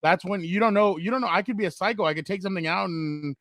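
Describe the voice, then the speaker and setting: High-voiced man telling animated stories. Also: fast talker, dry recording, clean studio sound. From United States. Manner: animated storyteller acting out quotes. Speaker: co-host. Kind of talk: casual sports chat.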